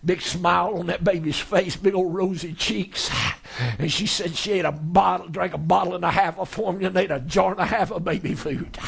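A male preacher, telling a story in a sermon in a folksy way that swells into shouting. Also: sits high, steady tone, a little fast, gravelly, slightly rough.

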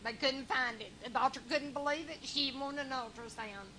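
A woman's voice: high-pitched, slight background noise, rough recording. Tearful woman giving a testimony. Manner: tearful, fervent, reads scripture slowly and loudly. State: crying. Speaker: caller sharing a testimony. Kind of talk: emotional testimony.

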